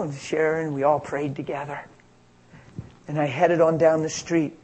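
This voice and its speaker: A man preaching a sermon on healing, telling stories with animated energy and acting out the quotes. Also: fairly high pitch, measured pace, slightly rough, poor audio.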